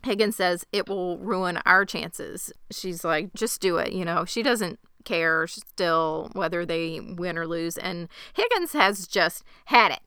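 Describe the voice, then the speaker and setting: A woman in casual chat, recapping an episode with animated retellings and quoted character lines. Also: on the low side, takes it slowly, hardly any pauses, clear, resonant tone, dry recording, studio quality. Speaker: podcast co-host.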